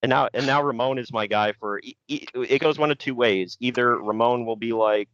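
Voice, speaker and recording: A man's voice: on the low side, steady tone, fairly quick, hardly any pauses, a bit bright, no echo. A man hosting a podcast in casual chat, easygoing and rambling with lots of fillers and restarts. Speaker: podcast host. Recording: dull, lo-fi sound.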